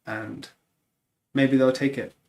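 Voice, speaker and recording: A man's voice: mid-range voice, slow, low-quality recording. A man in a mid register tells loose, rambling stories in casual livestream chat, with plenty of "like" and "you know" along the way. A faint hiss sits under his voice. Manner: rambling, animated, lots of "like" and laughter. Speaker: guest sculptor.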